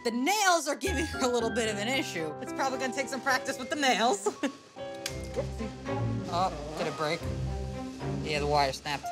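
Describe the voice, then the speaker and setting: An upbeat woman with a fairly high, lively voice narrates her nail work for a reality show and chats with a client. She laughs often, and music plays under her voice. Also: moderate pace, pauses often. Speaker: nail artist.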